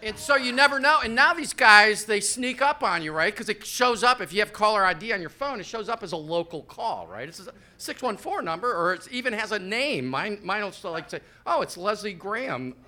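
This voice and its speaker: A stand-up comedian in his fifties performs a set on a club stage with a handheld mic. His high, very bright voice is animated and brisk with few pauses, and he rambles loosely and conversationally, dropping crude asides.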